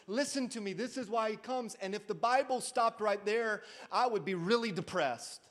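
A man preaching an Easter sermon to a church congregation, calling out to the crowd for a response and swinging between shouted lines and hushed ones. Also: high-pitched, moderate pace, hardly any pauses. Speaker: pastor. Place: church service before a congregation.

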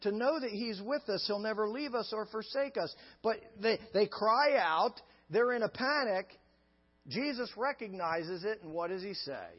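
Male pastor, high voice, emphatic repetitive sermon delivery; dull lo-fi recording with long hall reverb. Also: lively intonation, moderate pace, slightly rough. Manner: emphatic, repetitive preaching cadence.

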